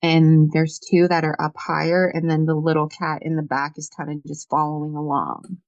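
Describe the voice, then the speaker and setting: A woman's voice: low voice, flat delivery, normal speed, no echo, lo-fi sound. A woman co-hosting a casual tarot reading chat, musing aloud with many fillers. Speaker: tarot reader co-host.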